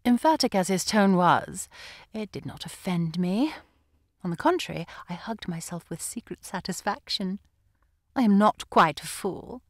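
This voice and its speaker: A woman narrating an audiobook in the first person, with a measured, unhurried reading. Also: fairly low pitch, animated, no echo, clean studio sound.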